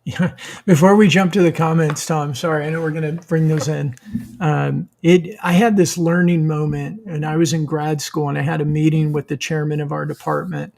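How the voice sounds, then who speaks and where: A man co-hosting a podcast, with a gravelly, fry-edged voice set a little high. He tells a personal story in a thoughtful, reflective way. His tone is casual and conversational. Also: fairly even intonation, moderate pace, darkish tone. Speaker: podcast co-host.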